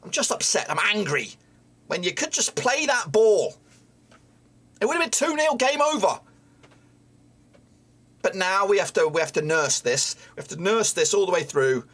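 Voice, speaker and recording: A man reacting live to his team's match as a fan streamer, excitable, swearing often and yelling at the players. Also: high-pitched, normal speed, pauses often.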